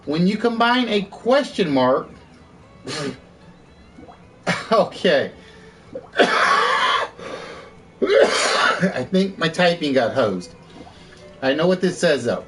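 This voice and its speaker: Male game show host, higher pitched, chatty, rephrases each question, faint music behind. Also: expressive, slow pace, long pauses. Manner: occasional coughs. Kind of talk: live online game show hosting.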